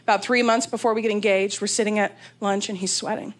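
A woman's voice: mid-range voice, fast talker. A woman in her thirties from Las Vegas, doing a candid, brash stand-up set on a comedy club stage, talking into a handheld mic. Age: 30s. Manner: brash, candid storytelling with big animated asides. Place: comedy club stage before a live audience. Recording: live club recording with audience laughter. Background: crowd laughter and room ambience.

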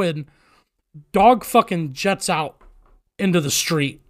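A high-voiced man tells a story casually and with heavy profanity, animatedly voicing every character. He speaks at a measured pace with long pauses, and the audio is dry and close-miked, with no room sound at all.

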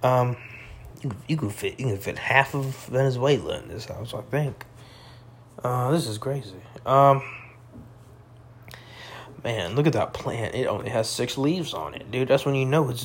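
A young man talking crudely in a rambling casual monologue, full of fillers and slang, tipsy and high. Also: expressive, moderate pace, slightly rough.

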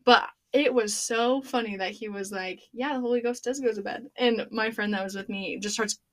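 Young woman, podcast host, casual storytelling, animated, lots of "like". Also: fairly high pitch, moderate pace.

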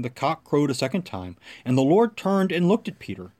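A man giving a liturgical scripture reading and then reciting prayers in a solemn, measured manner. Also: a little high, lively intonation, a little mellow. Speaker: scripture reader.

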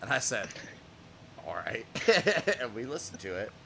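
Brief: male podcast host, lively pitch, bright edge, cursing and animated, faint hiss behind. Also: measured pace, creaky. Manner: profane, excitable, laughs often; shouts out quoted vocals. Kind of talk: casual chat reviewing music.

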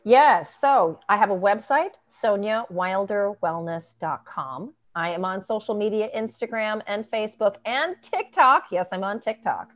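A woman guest, a nutritionist, telling animated stories with emphatic asides and laughs. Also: medium pitch. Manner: emphatic, quick asides, laughs between points. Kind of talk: animated storytelling.

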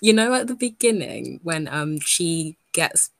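A woman, co-hosting a casual podcast chat, giggly and animated as she retells scenes. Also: low-pitched, measured pace, vocal fry, slight background noise. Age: 20s. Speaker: podcast co-host.

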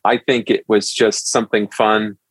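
A middle-aged pastor guests on a podcast, telling stories with animation in a casual interview and acting out the quotes. His slightly rough voice is on the low side and moves at a moderate pace. The recording is dry and low in quality.

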